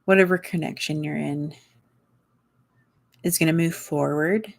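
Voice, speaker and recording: Young woman, lowish voice, tarot reader; loose, rambling, stop-and-start delivery. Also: steady tone, unhurried, creaky. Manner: rambling, searching for words, frequent likes and laughs. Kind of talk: casual tarot reading monologue.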